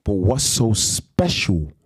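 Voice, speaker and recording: A man's voice: fairly low pitch, big pitch swings, slow pace, husky, dry recording. A man ranting on a live stream in a heated, emphatic way, repeating slang tags as he goes.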